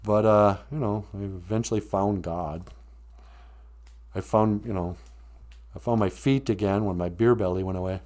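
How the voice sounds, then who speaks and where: A man's voice: fairly low pitch, fairly even intonation, moderate pace, long pauses, a little mellow. A man hosting a live stream, talking casually and joking with frequent laughs. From Ojibwe reservation, US. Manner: joking, rambling, laughs often. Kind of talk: comedic live-stream chat.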